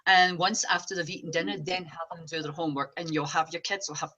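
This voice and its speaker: Woman, psychic medium guest, chatty and animated, lowish pitch, bright forceful tone. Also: quick pace. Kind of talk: casual interview chat.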